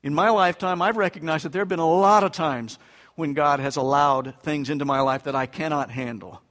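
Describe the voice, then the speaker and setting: A male pastor preaching a sermon in an emphatic, conversational way with touches of humor, his voice swinging between loud bursts and quiet asides. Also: on the high side, brisk. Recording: long reverb of a large hall.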